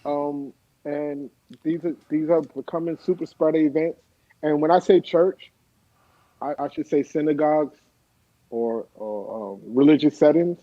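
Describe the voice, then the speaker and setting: A man's voice: on the high side, unhurried, no room sound. Conversational man with a dull dry sound. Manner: relaxed, conversational, laughs along. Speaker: radio talk show host. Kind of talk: casual radio chat.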